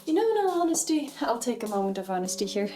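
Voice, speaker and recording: A woman's voice: a little high, big pitch swings, quick pace, warm tone, soft background music. Chatty woman vlogging at home. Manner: chatty, self-deprecating, laughs often, talks to her puppies. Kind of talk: casual vlog narration. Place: home living room. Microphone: camera mic, moved around.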